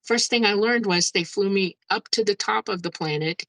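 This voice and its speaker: A woman guest telling her own story in a casual, excitable way, often exclaiming and laughing as she goes. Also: medium pitch, moderate pace, dry recording, poor audio. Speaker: guest, UFO experiencer. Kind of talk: casual first-person storytelling.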